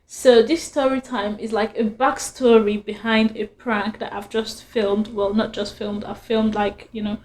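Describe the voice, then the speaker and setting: A woman's voice: medium pitch, little pitch movement, unhurried, few pauses, darkish tone. A young woman vlogger chatting casually and rambling through a storytime, often laughing.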